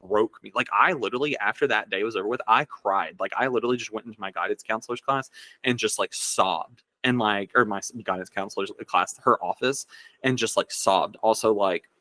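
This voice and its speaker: A young man with a fairly low voice tells a story in loose, casual podcast chat. He rambles and leans constantly on "like" as he goes. His voice sounds dry and close. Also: fairly quick, pushed and bright, dry recording. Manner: rambling storyteller, heavy filler "like". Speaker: podcast co-host.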